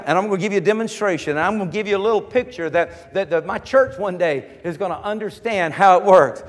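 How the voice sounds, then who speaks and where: A high-voiced man preaching a sermon with a long hall reverb around him. He moves from steady teaching into shouted, repetitive declarations. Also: fast talker, few pauses. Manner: rising to shouts, repetitive call-and-response cadence. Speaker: pastor.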